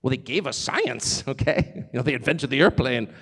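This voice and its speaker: High animated guy giving a jokey sarcastic speech, echo of a big hall. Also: normal speed, slightly rough. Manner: conversational, sarcastic asides, laughs often. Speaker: speaker at a live event. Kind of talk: live speech to an audience.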